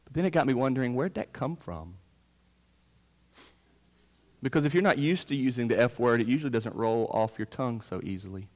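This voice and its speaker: A man in his thirties preaching a sermon, pushing loud on key points and dropping low between them. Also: lively intonation, fairly quick, long pauses. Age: 30s. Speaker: pastor. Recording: long reverb of a large hall.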